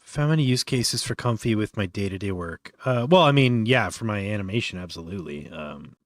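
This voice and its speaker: A man hosting a casual live-stream software tutorial, thinking aloud with lots of fillers and restarts, yawning often. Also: lowish voice, lively intonation, fairly quick, no room sound.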